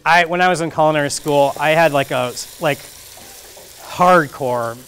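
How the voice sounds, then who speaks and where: Speaking at an unhurried pace, a man with a slightly high, fairly bright voice leads a casual cooking class, talking through each step of a recipe as he cooks; there's a little hiss or hum in the audio. He's chatty and jokey, often at his own expense, in a community kitchen classroom.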